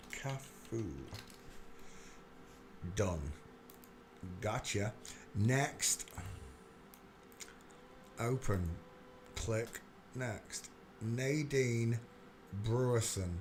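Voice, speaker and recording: Guy on a live stream, mumbling to himself while he clicks around, average pitch, bit of background hiss. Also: drawn-out words, pauses often, darkish tone. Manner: mutters to himself while clicking through searches. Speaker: livestream host. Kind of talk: casual live-stream commentary.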